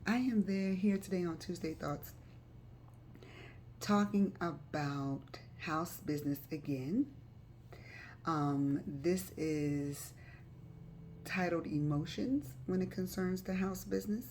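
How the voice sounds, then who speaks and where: Low-voiced woman giving chatty advice. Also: slow, long pauses, darkish tone, a little hiss or hum. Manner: chatty, loose, repeats words and uses fillers. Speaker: host of a live talk stream. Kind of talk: casual advice talk to viewers.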